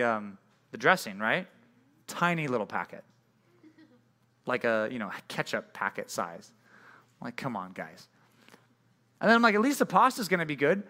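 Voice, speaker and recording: A young man, a youth pastor, giving a casual sermon to a junior high group, telling a rambling personal story full of fillers before turning to a prayer. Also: pushed and bright.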